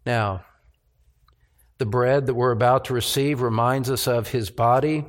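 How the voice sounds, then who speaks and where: A male pastor preaching in church, his voice at a middle pitch. He speaks in an earnest, measured way and rises into a plea at times. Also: fairly even intonation. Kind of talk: Christmas Eve sermon and communion prayer.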